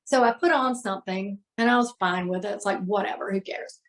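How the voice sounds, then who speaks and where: A middle-aged woman with a medium-pitched voice speaks fairly quickly as a podcast guest. A healer, she candidly retells a hard day from her life, emotional and using lots of fillers.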